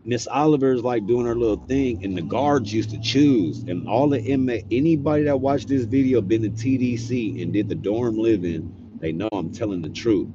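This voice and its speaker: Brief: laid-back man from California, slangy and profane, recorded in a car with clear traffic noise. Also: medium pitch, moderate pace, lo-fi sound. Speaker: storyteller vlogger. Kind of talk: casual storytelling.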